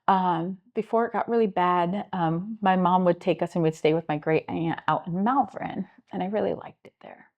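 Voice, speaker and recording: Speaking a little fast in a creaky, mid-range voice, a middle-aged woman with a Midwestern American accent tells interview stories from her work as a homeless services director. She's earnest and animated, performing the quotes of the people she describes.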